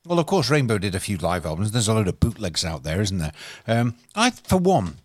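A man hosting a rock radio show talks at a brisk clip into a studio microphone. He rambles in an easygoing, self-deprecating way, and the sound is dry and close. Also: lowish voice, very animated, husky, no room sound. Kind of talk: casual radio DJ chat.

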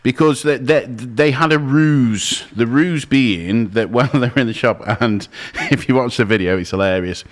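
A man's voice: mid-range voice, moderate pace, few pauses. Chuckling, rambling man on the radio. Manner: laughing, rambling storyteller. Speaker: radio co-host. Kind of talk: casual radio banter.

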